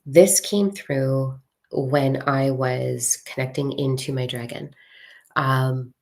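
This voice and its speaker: A woman spiritual coach talking casually and frankly to a live audience, swearing freely and slowing down to read a mantra. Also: a bass voice, fairly even intonation, creaky, darkish tone. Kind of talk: casual livestream talk.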